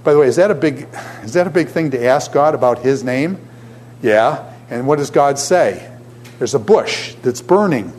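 A man teaching a classroom lecture in an animated way, often asking his students questions. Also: mid-range voice, moderate pace, a little hiss or hum.

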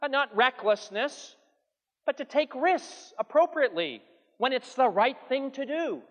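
A man's voice: extremely high pitch, expressive, a little slow, fairly bright tone. A man preaching a sermon with earnest, emphatic delivery that rises and falls. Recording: long hall reverb.

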